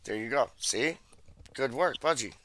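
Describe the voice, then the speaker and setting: A man bantering on a live-stream chat, slangy and quick to stammer and restart. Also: medium pitch, expressive, a bit bright. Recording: noisy crowd behind.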